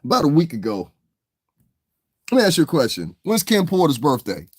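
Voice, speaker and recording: A man's voice: fairly high pitch, wildly swooping pitch, fairly quick, breathy edge, no echo, studio quality. A man with a New York accent giving blunt, profane livestream commentary, often tagging lines with "you understand what I'm saying". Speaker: online commentator.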